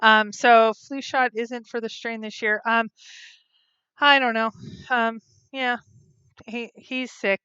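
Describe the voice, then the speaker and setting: A woman's voice: on the high side, level tone, slow, pauses often, sharp tone, clear, resonant tone, dry recording, dull audio. Chatty, giggly woman live-streaming. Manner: chatty and giggly, many ums, reads viewer comments aloud. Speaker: vlog host reading live chat. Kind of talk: casual live-stream chat.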